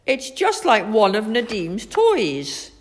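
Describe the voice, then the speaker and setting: A woman's voice: on the high side, huge pitch swings, slow pace, pitched above the performer's own voice, exaggerated voice. A woman playing a cautious young schoolboy. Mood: cheerful. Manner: careful, puzzled.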